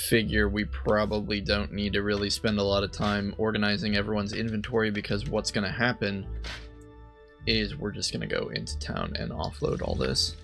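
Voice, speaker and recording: Gravelly man chatting over gameplay. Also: lowish voice, a bit bright. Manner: rambling, self-correcting, thinking aloud. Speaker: let's play host. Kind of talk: casual gameplay commentary.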